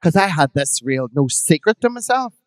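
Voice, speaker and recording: A man in his fifties with a Belfast accent, a drag performer telling bawdy, animated stories as a guest on a live podcast. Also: on the high side, normal speed, no room sound. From Northern Ireland. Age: 50s. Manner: bawdy, animated anecdotes with quoted voices. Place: live podcast stage, dry close mic.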